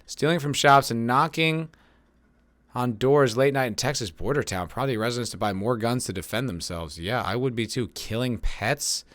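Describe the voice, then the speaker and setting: A man's voice: medium pitch, moderate pace, a bit bright, no echo. A man hosting his own podcast, reading news stories aloud and reacting with sarcastic, rambling commentary and frequent swearing. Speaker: podcast host.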